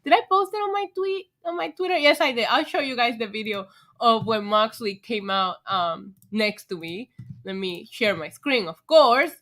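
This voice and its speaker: A young woman from New York with a New York accent, chatting excitedly on a live stream, swearing freely and laughing often. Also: a little high, normal speed. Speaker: streamer reviewing wrestling. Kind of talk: casual live-stream chat.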